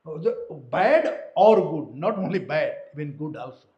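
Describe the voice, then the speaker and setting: A man's voice: on the high side, normal speed. A man with an Indian accent giving a devotional sermon as a visiting teacher, telling stories with humor. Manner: animated storytelling with humor. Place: lecture room in a home. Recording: echoey room, dull lo-fi sound.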